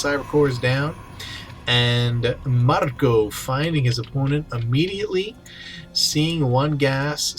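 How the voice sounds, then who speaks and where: A man's voice: medium pitch, slight background noise. A young man hosting a casual game-replay commentary, chatty and playful with jokey asides. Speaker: host, game caster. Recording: faint music behind.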